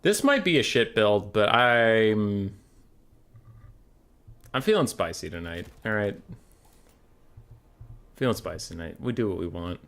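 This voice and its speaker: A man streaming a strategy game, chatting casually and brashly with his viewers, swearing freely and reacting out loud. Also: on the low side, measured pace, pauses often. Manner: brash, swearing, animated, talks to chat. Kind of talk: casual gaming stream chat.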